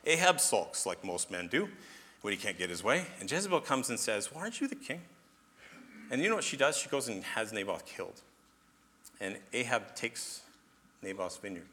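A man teaching the Bible in an animated sermon, asking rhetorical questions and often checking in with "okay?". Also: on the high side.

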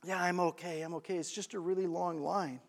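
Man doing tired worn-out woman, quiet weary voice, high pitch. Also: fairly even intonation, a little fast, creaky.

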